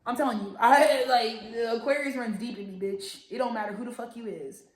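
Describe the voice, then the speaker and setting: Young woman doing a tarot livestream, chatty, swears a lot, kinda high voice, echoey room. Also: fairly quick, slight background noise. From Texas. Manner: chatty and profane, lots of fillers, scolding a dog. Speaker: tarot reader and show host. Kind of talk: casual livestream tarot reading.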